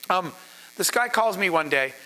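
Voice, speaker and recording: Guy founder on a panel, high bright voice, laughs a lot while telling stories. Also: normal speed, poor audio. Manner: animated, laughing, acting out dialogue. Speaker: startup founder and panel speaker. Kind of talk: storytelling talk to an audience.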